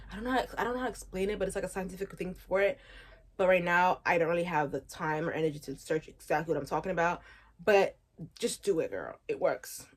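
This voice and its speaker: Frank, slangy young woman vlogger. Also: fairly low pitch. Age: 20s. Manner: frank, slangy, laughs at her own jokes. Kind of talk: casual chat.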